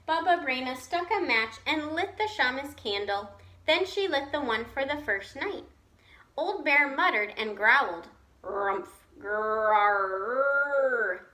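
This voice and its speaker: A woman teacher reading a children's picture book aloud, slowly and expressively, pausing to explain to her listeners. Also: sits high. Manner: slow, expressive storytelling with asides to listeners.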